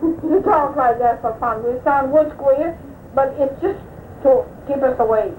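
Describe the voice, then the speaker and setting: A woman's voice: high-pitched, a little slow, echoey room, background noise. An older woman in an oral history interview, rambling through personal stories and acting out what people said. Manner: rambling anecdotal telling, acting out quoted speech. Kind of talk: recounting old personal stories.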